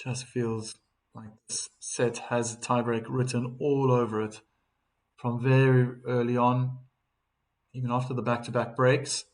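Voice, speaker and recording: A man does live tennis commentary on a stream at a medium pitch and an unhurried pace. He keeps calm between points, gets livelier for big shots, and reads viewer messages out loud.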